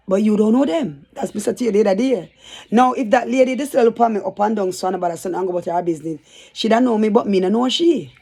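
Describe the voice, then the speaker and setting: A woman's voice: fairly high pitch, gravelly, dark tone. A woman telling a rambling, chatty story for her vlog. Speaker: YouTuber.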